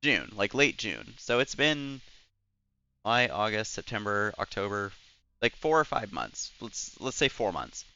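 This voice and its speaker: A man's voice: fairly low pitch, big pitch swings, unhurried, gravelly, pushed and bright, clear, resonant tone. Rambling young man streaming on a dull mic. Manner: rambling and chatty, full of "like" and "anyways". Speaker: Twitch streamer. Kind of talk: casual live-stream chat while gaming.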